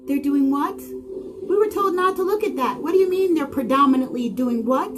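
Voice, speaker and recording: A woman giving a spiritual monologue, full of dramatic rhetorical questions and swinging between loud exclamations and hushed tones. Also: sits high, lively intonation, moderate pace. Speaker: channel host. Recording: singing bowl music underneath. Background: singing bowl music.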